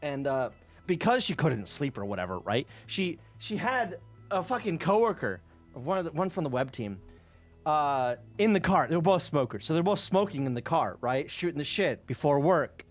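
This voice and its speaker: On his live stream, a lively man spins casual stories at a moderate pace, laughing a lot and swearing without restraint. His voice sits fairly high and swings widely in pitch, with soft music in the background.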